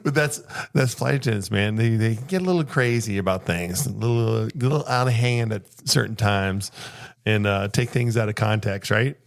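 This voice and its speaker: A man's voice: moderate pace, vocal fry. An older man co-hosting a casual chat as a flight attendant, talking animatedly with many filler likes. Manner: lively, mimics passengers with pitch jumps, many filler likes. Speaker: podcast co-host, flight attendant.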